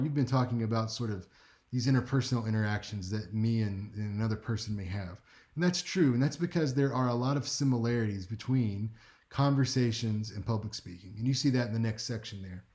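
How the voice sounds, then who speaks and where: A man teaching a speech class in a relaxed, conversational lecture, with wry asides and frequent check-ins with his listeners. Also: mid-range voice. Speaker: speech instructor.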